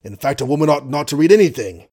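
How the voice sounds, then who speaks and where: A man's voice: a little high, expressive, quick pace, a little mellow. Guy doing a grumpy old colonel, snorty and huffy, storybook reading. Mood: blustering. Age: older. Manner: snorting, indignant, old-fashioned bluster. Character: gruff blustering old male colonel.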